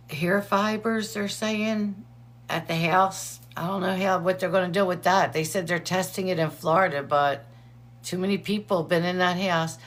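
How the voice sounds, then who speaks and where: A woman hosting a casual livestream, chatting and greeting viewers by name while sharing updates, her eyes teary from allergies. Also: on the low side. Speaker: livestream host.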